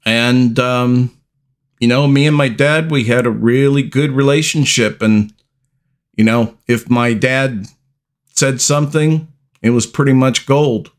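Slow, deliberate man telling a story. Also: medium pitch, fairly even intonation. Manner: slow, deliberate, with long pauses. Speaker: podcast host. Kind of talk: personal storytelling monologue.

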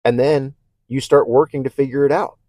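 A medium-pitched, mellow voice with fairly even intonation carries this casual self-help podcast monologue at normal speed. The host is candid and reflective, stammering into restarts and conversationally asking "okay?", with no room sound.

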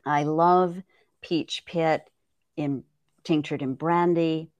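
Woman herbalist explaining in low dry voice. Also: fairly even intonation, slow pace, darkish tone, no room sound. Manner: thoughtful, explanatory, frequent "right?". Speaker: herbalist guest. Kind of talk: conversational podcast interview.

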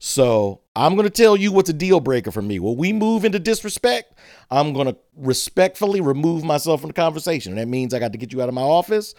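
A man with a voice pitched a little above the usual talks through workplace conflict in a casual host's manner. He is animated, tells stories, acts out what people said, and laughs easily, all in a dry, close recording. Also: a little fast, dry recording. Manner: animated storyteller who acts out quotes and laughs. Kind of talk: casual chat on leadership and conflict.

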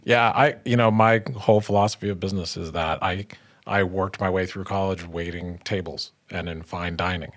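A low-voiced man hosting a podcast, chatting casually with his guest. He sounds enthusiastic and agreeable, and laughs easily. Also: fairly even intonation, moderate pace. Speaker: podcast host. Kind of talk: casual interview talk.

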